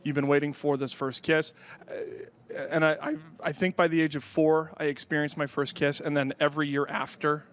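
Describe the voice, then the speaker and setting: A man's voice: a little high, flat delivery, brisk. A man hosting an interview, asking playful, teasing questions. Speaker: interviewer host. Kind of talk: casual interview chat.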